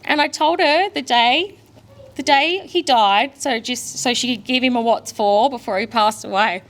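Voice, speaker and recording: Young Australian woman, daughter delivering a eulogy, fairly high voice, candid and emotional, storytelling. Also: normal speed, a bit bright. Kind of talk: funeral eulogy.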